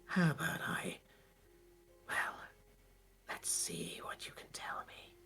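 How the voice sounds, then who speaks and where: A man voicing an ancient, cruel tentacled sea monster in a hoarse, breathy whisper, slow and taunting. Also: sharp tone. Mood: menacing whisper.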